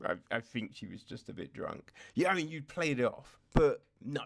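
A man's voice: medium pitch, sing-song, normal speed, vocal fry. A man ranting casually about a show's bad acting, exasperated and rambling, full of fillers and swearing, tired from being up in the small hours. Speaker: show reviewer. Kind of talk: casual rant.

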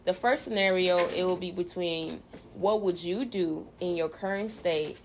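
A woman's voice: lowish voice, measured pace, a little hiss or hum. A woman hosting a casual faith chat, talking in a chatty, playful way with many fillers. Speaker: podcast host.

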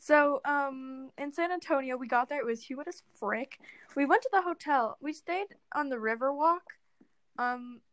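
A woman's voice: sits high, moderate pace, a bit bright, dry recording. A teenage girl co-hosting a podcast, rambling in an upbeat, casual way. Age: teens. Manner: upbeat, rambling, easy laughter. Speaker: podcast co-host. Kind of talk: casual chat.

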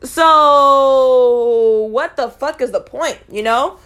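Speaking very slowly in a smooth, fairly bright, fairly high voice, a young woman vlogs a heated personal rant directly to her audience. Exasperated, blunt and profane, she calls them "y'all."

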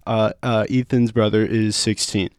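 Deep-voiced young man telling stories animatedly. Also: normal speed, smooth, dry recording, clean studio sound. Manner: animated storytelling, swearing, acts out quotes loudly. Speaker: podcast co-host. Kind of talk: casual chat.

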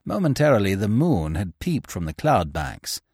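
A man narrating a classic novel as podcast host in an expressive, theatrical storytelling manner. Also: lowish voice, normal speed, breathy edge, no room sound, studio quality. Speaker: audiobook narrator. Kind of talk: scripted dramatic narration.

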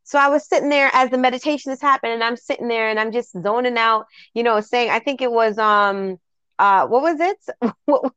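A woman's voice: a little high, fairly quick, fairly bright tone, clean tone, no room sound, dull audio. A woman hosting a casual spiritual podcast, telling heartfelt stories and laughing often. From Jamaica. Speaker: podcast host.

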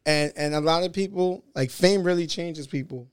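A man guest in a casual podcast chat, an animated storyteller who swears a lot and acts out quoted lines. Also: on the high side, moderate pace, clear, resonant tone, no room sound, studio quality. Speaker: interview guest.

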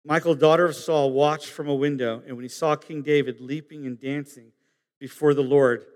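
Man preaching in an echoing hall. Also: fairly even intonation. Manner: earnest, pausing, rising to emphatic peaks and dropping low. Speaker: pastor. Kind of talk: sermon.

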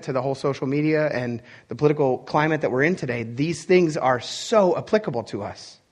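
Man preaching, loose and conversational. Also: fairly high pitch. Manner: conversational preaching with frequent "right?" asides and chuckles. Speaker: pastor. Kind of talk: sermon.

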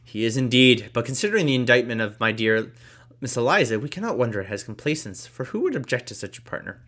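A man reading the lines of a jovial, fawning older gentleman who flatters and gushes. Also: medium pitch, fast talker. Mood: effusive. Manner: effusive, flattering.

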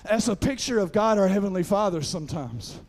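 Expressive and fairly quick, this middle-aged pastor preaches in a high voice. He tells a folksy personal story, saying "amen" often, and it grows into loud preaching.

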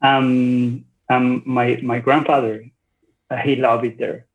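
A man in his forties from Venezuela, a podcast guest speaking slowly and hesitantly with many fillers. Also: mid-range voice, flat delivery. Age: 40s. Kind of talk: casual interview conversation. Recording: dull lo-fi recording.

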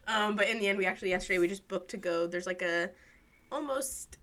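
Chatty woman telling animated stories. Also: a little fast, pauses often. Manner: animated storytelling, voices quotes higher. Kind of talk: casual chat.

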